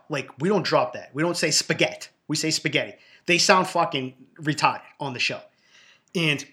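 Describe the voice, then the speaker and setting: A man's voice: on the high side, bright, forceful tone. A man from Boston with a Boston accent, giving a blunt, profane, ranting review of reality TV shows in a casual monologue.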